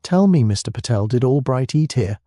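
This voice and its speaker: Man doing an unhurried country sergeant. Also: medium pitch, expressive, warm tone, no room sound, clean studio sound, close to an everyday voice. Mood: curious. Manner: laid-back, murmuring. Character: easygoing rural police sergeant, man, unhurried.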